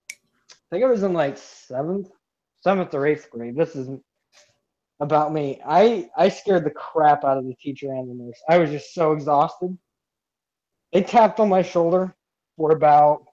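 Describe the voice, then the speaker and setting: A man's voice: fairly high pitch, a little mellow. Rambling man on a dull lo-fi mic. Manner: rambling, many restarts and fillers. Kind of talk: casual storytelling chat. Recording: dull lo-fi sound.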